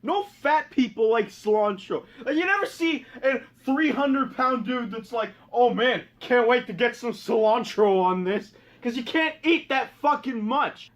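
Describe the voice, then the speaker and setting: A man on a crude, ranting comedy tirade, shouting his punchlines. His voice sits very high for a man. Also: muffled recording. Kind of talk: profane comedic rant.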